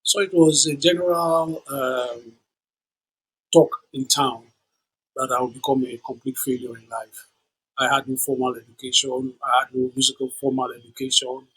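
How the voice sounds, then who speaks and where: A man in his sixties with a strongly husky, grainy voice. He is a guest in an interview, telling stories in an animated way and slipping into the voices of the people he quotes. His pitch sits in an ordinary middle range. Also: normal speed, low-quality recording. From Nigeria. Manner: animated storyteller who acts out the people he quotes. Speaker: guest musician. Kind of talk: storytelling interview.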